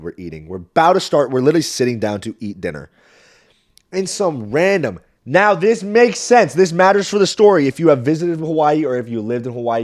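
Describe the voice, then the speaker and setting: Rambling, profane young man telling a story. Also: mid-range voice. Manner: animated, profane, rambling with frequent fillers. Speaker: podcast host. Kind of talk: casual storytelling.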